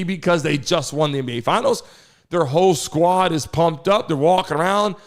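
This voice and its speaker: Excitable high-voiced male sports host. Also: a little fast. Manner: excitable, casual, rhetorical questions to chat. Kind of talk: live sports news talk.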